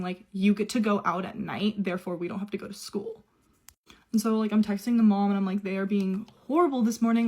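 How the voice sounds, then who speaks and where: Chatty young woman telling a storytime. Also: mid-range voice. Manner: chatty, run-on retelling with quoted dialogue. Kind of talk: casual storytime chat.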